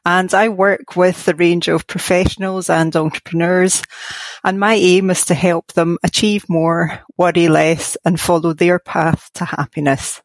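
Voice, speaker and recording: A woman with a Glaswegian Scottish accent talks as a podcast guest. She explains things calmly and in a measured way, in a fairly low voice. The sound is dry and close. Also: dry recording. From Scotland. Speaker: mindfulness coach. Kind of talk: podcast interview.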